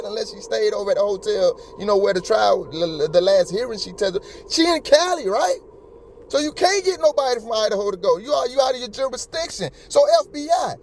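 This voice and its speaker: A man's voice: high voice, vocal fry, a little mellow, a little hiss or hum. A man giving heated casual commentary as a true-crime YouTuber, slangy and passionate, and he keeps calling his listeners homie and bro. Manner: passionate and repetitive.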